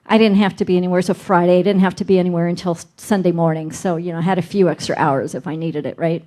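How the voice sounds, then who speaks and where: A woman's voice: lowish voice, fast, mellow. A middle-aged woman minister delivering a sermon, telling a personal story and acting out her inner dialogue.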